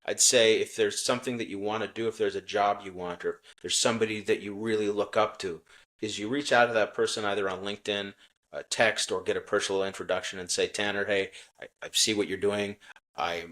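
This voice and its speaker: A middle-aged man, a company chief, telling a customer-service story in a relaxed interview with earnest restarts. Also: lowish voice, quick pace. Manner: earnest, acts out quoted dialogue, many restarts. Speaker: menswear company CEO, podcast guest. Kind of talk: casual interview talk, storytelling.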